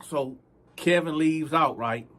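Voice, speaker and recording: A man's voice: on the high side, slow pace, a bit bright. A man telling a profane, emphatic prison story and acting out the people in it. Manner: profane, emphatic, acts out every character. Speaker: storyteller, channel host.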